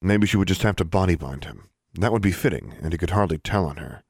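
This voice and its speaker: A man with a very deep voice reads a fantasy audiobook, his delivery moving lively up and down through the sentences. The sound is dry and close to the mic, with no room around it. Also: fast, gravelly, few pauses, husky, no echo. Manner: steady storytelling with expressive dialogue. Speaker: narrator. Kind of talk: audiobook narration.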